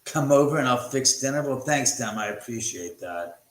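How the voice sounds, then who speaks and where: A man's voice: mid-range voice, lively intonation, moderate pace. Chatty joking man in an echoey room. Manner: chatty and joking, cursing freely. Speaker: livestream host. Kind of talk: casual livestream chat, reading viewer comments. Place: room in his house. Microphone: phone.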